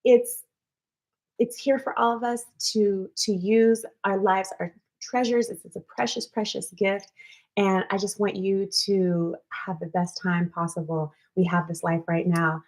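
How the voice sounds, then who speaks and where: A woman's voice: mid-range voice, steady tone, unhurried, darkish tone. A woman hosting a weekly live wellness show, talking casually and earnestly, repeating phrases to encourage her viewers. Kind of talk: casual motivational livestream talk.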